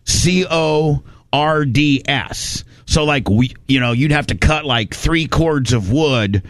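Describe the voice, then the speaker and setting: Man, rambling folksy storyteller, slightly higher voice, dry close sound. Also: slow, no echo. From Indiana. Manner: rambling, folksy, animated when quoting people. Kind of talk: casual storytelling.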